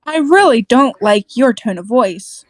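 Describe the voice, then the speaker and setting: Woman doing a cold scary robot lady, slow and curt, higher voice, dry mic. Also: lively intonation, dry recording, poor audio. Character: icy, menacing female mechanoid officer.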